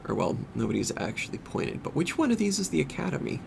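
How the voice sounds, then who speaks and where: A man's voice: fairly high pitch, very animated, fast, gravelly, noisy background. A man streaming a video game, casually thinking aloud and puzzling over the menus. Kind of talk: casual let's-play commentary. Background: game music.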